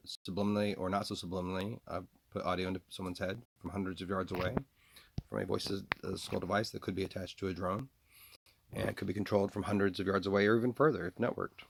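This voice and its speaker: A man with a lowish, gravelly voice delivers a rambling solo monologue to camera. He keeps asking rhetorical questions, breaking off, restarting and filling gaps with "uh". A faint hiss sits under the recording. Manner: repeated rhetorical questions with halting fillers and restarts. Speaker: video blogger.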